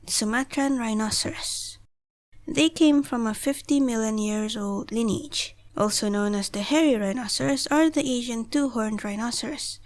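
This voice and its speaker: A woman's voice: on the high side, moderate pace. A woman narrating a top-ten list video, reading a prepared script in short phrases.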